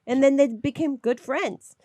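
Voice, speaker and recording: A woman's voice: high voice, moderate pace, warm tone, no echo. A woman co-hosting a podcast, chatting casually about an old film with jokey, sarcastic banter. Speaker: podcast co-host.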